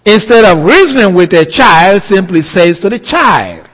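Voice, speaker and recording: A man giving a sermon in a slow, deliberate, emphatic way. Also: high voice, big pitch swings, a bit bright, in a large hall, poor audio. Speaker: preacher.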